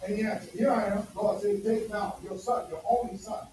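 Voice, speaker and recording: A man preaching a sermon, talking emphatically with loud bursts and sudden drops to near quiet. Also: high-pitched, fairly even intonation, a little fast. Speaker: pastor. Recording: echoey room from far off, faint noise.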